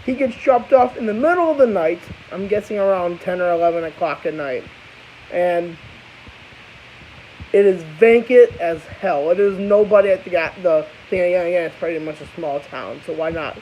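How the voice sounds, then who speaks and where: A man's voice: sits high, animated, normal speed, darkish tone. A tired young man casually reviewing a book and its episode, rambling and swearing, with many restarts. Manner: rambling, profane, restarts a lot. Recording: dull hissy home recording.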